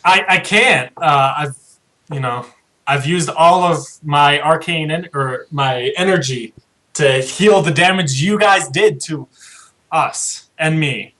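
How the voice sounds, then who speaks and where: Guy playing a tabletop game, calm and a bit hesitant, bright tone. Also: fairly high pitch, slow. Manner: calm, plain, hesitant at the start. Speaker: player. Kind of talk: casual tabletop play.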